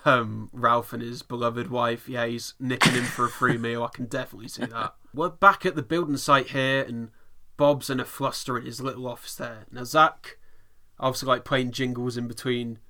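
A man's voice: medium pitch, level tone, moderate pace, bright, forceful tone. A man co-hosting a podcast, chatting casually in a rambling way with lots of fillers. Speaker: podcast co-host. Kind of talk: casual chat.

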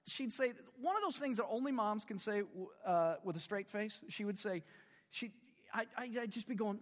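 A man in his fifties delivers a sermon in a chatty, joking way and keeps checking that his listeners follow. His voice sits fairly high and jumps around a lot. A long reverb hangs behind him, as in a large hall. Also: animated, normal speed. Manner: conversational preaching with rhetorical questions and humor. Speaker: pastor.

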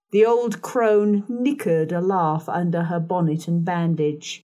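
Calm, unhurried woman narrator. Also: on the low side. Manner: measured, calm. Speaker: audiobook narrator. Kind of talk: scripted narration.

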